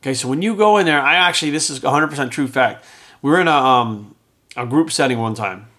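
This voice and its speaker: Bright and forceful, his mid-range voice moves at a quick clip. The speaker, a middle-aged man who works as a fitness coach and hosts a podcast, gives a casual, wandering monologue about his own experience, dramatizing what others said.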